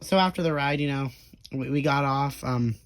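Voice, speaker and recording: A man's voice: mid-range voice, normal speed, dry recording. Rambling, profane young man telling a story. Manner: rambling, profane, lots of restarts and stammers; acts out quoted people in short bursts. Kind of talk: casual storytime monologue.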